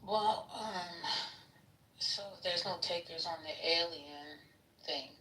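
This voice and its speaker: Chatty woman host, low voice, far from the mic in an echoey room with faint hiss. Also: slow pace. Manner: relaxed, chatty, well-wishing. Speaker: host of a live audio chat. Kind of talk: casual chat.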